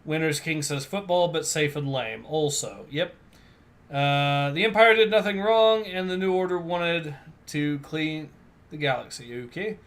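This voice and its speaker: A man's voice: on the high side, a little slow, fairly bright tone. A young man hosting a livestream in a casual way, reading viewer comments aloud with fillers. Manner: laid-back, reads viewer comments aloud with fillers and laughs. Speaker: livestream host.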